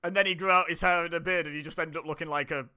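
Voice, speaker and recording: Bright, clear-voiced chatty British man. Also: a little high, steady tone, rapid-fire. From United Kingdom. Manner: chatty, laughs often, rambling restarts. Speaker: host. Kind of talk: casual chat over a video call.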